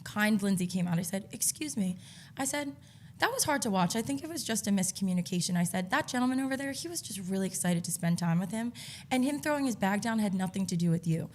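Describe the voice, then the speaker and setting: A woman co-hosting a casual chat podcast who tells her story plainly and with no apology. Her pitch sits in the middle of the range, with a faint hum of noise behind her. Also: animated, quick pace, darkish tone. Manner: blunt, self-assured storytelling. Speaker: podcast co-host.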